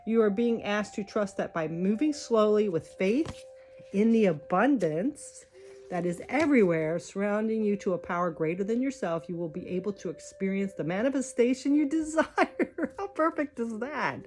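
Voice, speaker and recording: A woman's voice: medium pitch, expressive, moderate pace, a little mellow, slight background noise. Woman, spiritual card reading, chatty and encouraging, faint music underneath. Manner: chatty, encouraging, thinks aloud. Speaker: tarot card reader.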